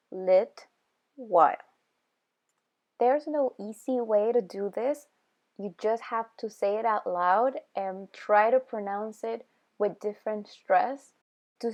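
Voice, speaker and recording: A young woman calmly explaining a study method step by step, in a tutorial voice-over. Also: medium pitch. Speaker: student video host.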